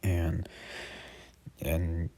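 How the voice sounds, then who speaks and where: A man's voice: low voice, completely flat delivery, drawn-out words, vocal fry, mellow. A young man casually improvising a fan story as a narrator, rambling with lots of "like" and self-corrections.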